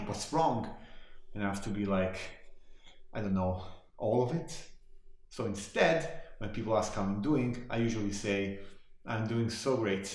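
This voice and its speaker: An actor playing a cynical, washed-up male horse, a former sitcom star, delivering a sardonic, deadpan eulogy monologue. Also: on the low side. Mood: bitter. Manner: sardonic, deadpan, self-deprecating. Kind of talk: comic monologue performance. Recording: very echoey room.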